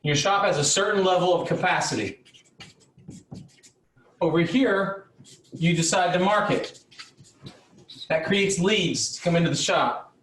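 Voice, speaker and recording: A man's voice: sits high, measured pace, long pauses, a bit bright, distant mic, slight background noise. Fired-up man coaching in an echoey room. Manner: fiery motivational, blunt, mild swearing. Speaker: business coach for auto repair shop owners. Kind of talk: live online coaching session.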